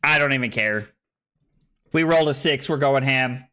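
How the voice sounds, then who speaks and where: Bright-voiced man streaming a card game. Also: mid-range voice, normal speed, smooth. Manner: chatty, thinks aloud, excitable when winning. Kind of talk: casual gameplay commentary to chat.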